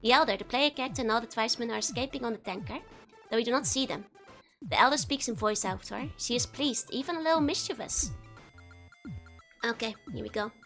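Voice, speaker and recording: A woman's voice: a little high, expressive, brisk, fairly bright tone, faint music behind. A woman streamer giggling and chatting as she reads a game text aloud on a casual livestream. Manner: giggly and chatty, laughs often between lines.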